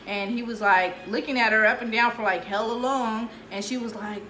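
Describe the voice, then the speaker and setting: A woman's voice: on the high side, fairly even intonation, moderate pace, fairly bright tone, faint music behind. A woman telling a friend's story in casual chat, acting out the dialogue and laughing as she goes. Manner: chatty, retells dialogue, laughs often. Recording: echoey room with faint noise.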